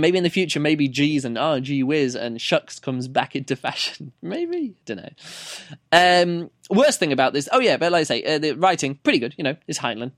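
A man's voice: medium pitch, fairly bright tone, dry recording, clean studio sound. A man hosting a podcast, reviewing a book off the top of his head, rambling, restarting and correcting himself, and laughing at his own stumbles. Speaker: podcast host reviewing books.

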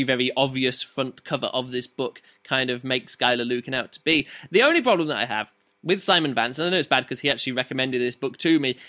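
A man's voice: mid-range voice, pushed and bright. A man reviewing a book in a casual, rambling chat full of fillers and restarts.

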